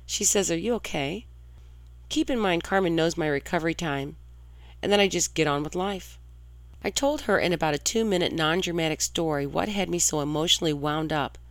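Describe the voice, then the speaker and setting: A woman's voice: low voice, no room sound. A woman in her forties from St. Louis, hosting an internet radio show with a chatty, confiding and emphatic delivery. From St. Louis, Missouri. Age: 40s. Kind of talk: scripted monologue.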